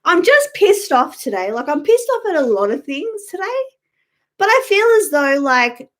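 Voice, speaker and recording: Woman, high voice, swoops up and down, blunt, swears a lot, casual live-stream rant. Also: sing-song, normal speed, fairly bright tone. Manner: blunt, profane and fired-up, answering viewer comments. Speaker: YouTuber live-streaming to chat.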